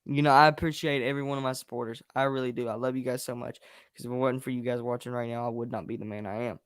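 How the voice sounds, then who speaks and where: A man's voice: mid-range voice, steady tone, rapid-fire, no echo, clean studio sound. A young man hosting a wrestling review show, speaking frankly and with blunt emphasis as he vents and shares opinions. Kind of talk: casual chat.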